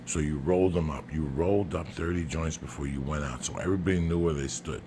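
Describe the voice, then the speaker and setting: A man's voice: extremely low pitch, fast, hardly any pauses. A middle-aged man from New Jersey with a Jersey accent, telling brash, profane stories on a podcast. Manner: brash, profane, bursts into loud laughing shouts. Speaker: podcast host. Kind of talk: casual storytelling. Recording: noisy room ambience.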